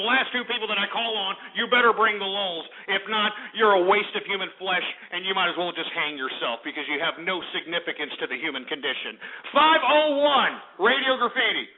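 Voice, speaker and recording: A man hosting a call-in radio show, insulting and mocking callers in a loud, barking rant. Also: high voice, fast. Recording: tinny phone-line radio archive with faint music.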